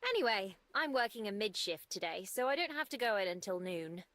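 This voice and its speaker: An actress voicing a composed, wry adult woman in a story game, dry and measured. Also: medium pitch, lively intonation, fairly bright tone, dry recording, lightly acted. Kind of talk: game voice acting.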